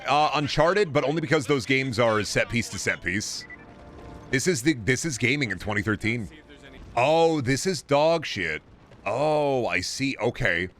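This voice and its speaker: A man's voice: lowish voice, a bit bright, slight background noise. A young man streaming a shooter game, giving sarcastic, profane commentary. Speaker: gaming streamer. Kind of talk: casual gameplay commentary.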